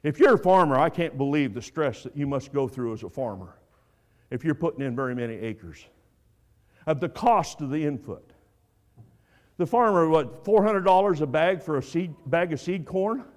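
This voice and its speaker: A man preaching a sermon, reading scripture and swinging between emphatic outbursts and quiet asides. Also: sits high.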